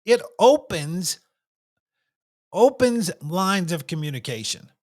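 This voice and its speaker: A man's voice: high voice, very animated, slow. A man giving a casual talk on communication, repeating his points and acting out little quotes. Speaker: communication speaker.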